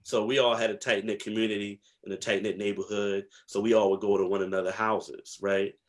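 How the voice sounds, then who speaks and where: A man from New Jersey with a rather low voice talks through his memories as an interview guest. He speaks reflectively and with emphasis, pausing on fillers as he builds each point. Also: flat delivery. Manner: reflective, slow, emphatic storytelling with many fillers. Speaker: guest, historian. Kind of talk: casual interview storytelling.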